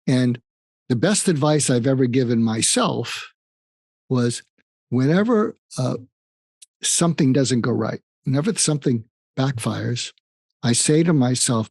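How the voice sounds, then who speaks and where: A man's voice: medium pitch, darkish tone, no room sound, studio quality. Older man, earnest storytelling psychiatrist. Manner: earnest, storytelling, emphatic with repetition. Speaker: psychiatrist guest. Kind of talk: conversational interview advice.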